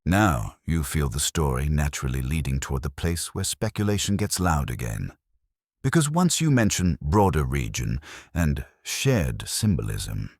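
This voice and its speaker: A man giving a calm, scripted narration meant for sleep, gently wry in tone. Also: rumbling low, measured pace, gravelly, dry recording, clean studio sound.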